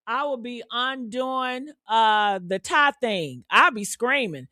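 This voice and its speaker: A woman hosting a live true crime reaction chat, talking in an emphatic, animated way and swearing freely. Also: fairly high pitch, measured pace, few pauses, dry recording, clean studio sound. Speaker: host.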